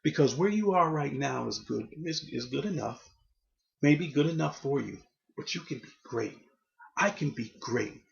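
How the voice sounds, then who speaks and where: A man's voice: medium pitch, expressive, normal speed, gravelly, highs cut off. A man giving an earnest, rambling motivational talk full of restarts. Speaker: motivational vlogger.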